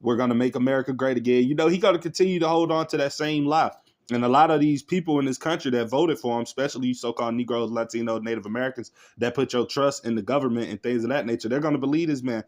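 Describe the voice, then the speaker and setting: A religious online commentator with a medium-pitched voice talks fast while reacting casually to a news clip. He laughs a lot, speaks in loose slang, and reads scripture aloud.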